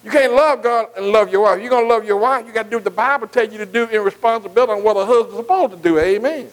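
In a church, a male pastor with a high-sitting voice preaches fast in call-and-response style, repeatedly quizzing the congregation and asking for an "amen." The recording quality is low.

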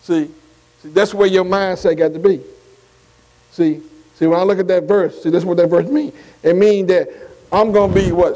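High-voiced man teaching Bible class. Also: normal speed, mellow, big-room sound, rough recording. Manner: keeps asking the class to follow along; spells Greek words out letter by letter.

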